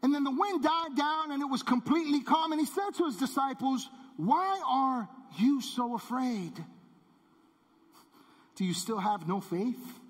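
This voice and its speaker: A man preaching a sermon as pastor, emphatic and repetitive, dropping low on key words. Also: fairly quick, hardly any pauses. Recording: long hall reverb.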